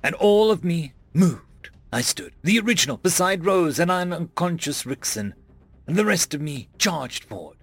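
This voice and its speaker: A man narrating a web serial in first person, dramatic and expressive, dropping to a hush at pauses. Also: a little high, husky, dry recording. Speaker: audiobook narrator.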